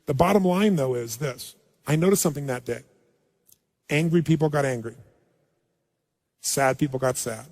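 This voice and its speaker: A man giving a live motivational seminar speech, telling a story quietly and then urging the crowd on. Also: medium pitch, moderate pace, pauses often, big-room sound. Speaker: motivational speaker. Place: large hall with audience.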